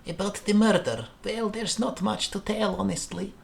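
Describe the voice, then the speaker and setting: A man's voice: high-pitched, normal speed, vocal fry, pitched above the performer's own voice. A man voicing a grumpy old Russian babushka cook in a game, blunt and dismissive, with a put-on Russian accent. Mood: grumbly.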